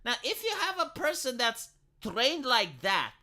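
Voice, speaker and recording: A man's voice: extremely high pitch, huge pitch swings, measured pace, sharp tone. A man, a live streamer rambling through an opinionated, sarcastic late-night rant, swearing casually as he goes.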